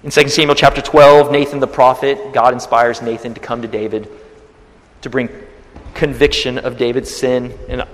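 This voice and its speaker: A male pastor preaching a sermon, retelling a scripture story with swings between quiet and loud. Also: medium pitch, flat delivery, normal speed, big-room sound.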